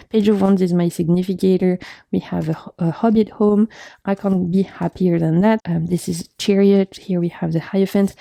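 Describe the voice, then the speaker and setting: Young woman with a gravelly, dark voice, chatty and gushing over her deck collection. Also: mid-range voice, no room sound. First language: French. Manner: enthusiastic, gushing, frequent laughs and fillers. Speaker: tarot vlogger. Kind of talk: casual chat showing tarot decks.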